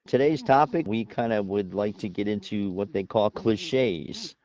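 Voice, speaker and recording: A man's voice: lowish voice, lively intonation, measured pace, darkish tone, highs cut off. A man co-hosting a casual chat show, talking at length and laughing often. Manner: chatty, laughs often, wordy. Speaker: podcast co-host.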